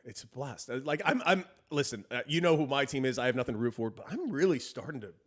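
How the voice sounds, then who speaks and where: A man's voice: medium pitch, lively intonation, fast talker, fairly bright tone. A man in his thirties co-hosting a sports podcast, loose and joking in casual chat. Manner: loose, joking, laughs easily. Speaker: podcast co-host.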